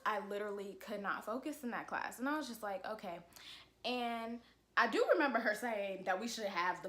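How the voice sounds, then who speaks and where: A young woman telling a casual storytime vlog at home, chatty and expressive, with loud exasperated rants. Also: on the high side. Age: young adult. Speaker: college student vlogger. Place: at home, indoors.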